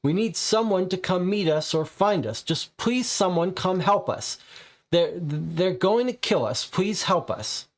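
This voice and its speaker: A man's voice: sits high, animated, unhurried, pitched above the performer's own voice. A man reading a game transcript aloud, voicing a terrified young woman who stammers frantic pleas for rescue. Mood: desperate.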